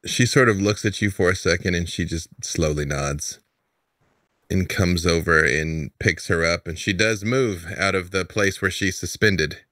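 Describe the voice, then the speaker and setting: Uomo che narra da master, tono disinvolto. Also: male voice, low voice, a little slow, bright, forceful tone, dry recording, clean studio sound. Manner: casual, loose narration with fillers. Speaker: game master. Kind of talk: narrating a tabletop game.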